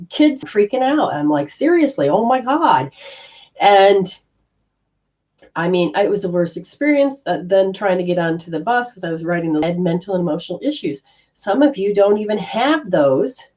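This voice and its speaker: A middle-aged woman from Australia telling a personal story in a casual way, acting out her own inner voices with sudden jumps in pitch. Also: expressive, moderate pace, a little mellow. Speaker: energy healing teacher.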